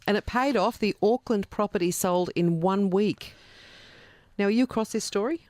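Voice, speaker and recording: A woman hosting a radio show, chatty and animated as she tells a story. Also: mid-range voice, normal speed, no room sound, clean studio sound. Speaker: radio host. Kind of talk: casual radio chat. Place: radio studio.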